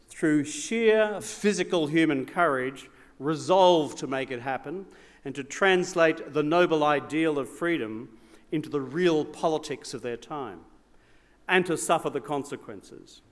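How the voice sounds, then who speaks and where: A middle-aged Australian man giving a formal evening speech with joking asides and rhetorical repetition, in a large hall. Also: on the high side. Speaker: speaker. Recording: long hall reverb.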